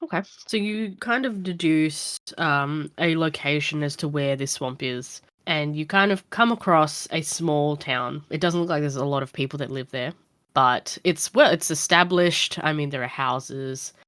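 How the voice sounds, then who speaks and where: A woman's voice: sits low, unhurried, a bit bright, no echo, clean studio sound. A woman narrating a tabletop game as game master, in a casual, rambling way.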